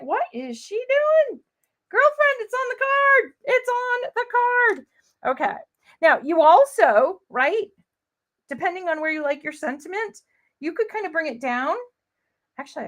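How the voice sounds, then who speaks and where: A woman with a bright, high voice hosts a live crafting demonstration. Her pitch swoops up and down as she chats bubbly and giggly with viewers, greeting them by name. She is recorded on a close mic at her craft table. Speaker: crafting livestream host.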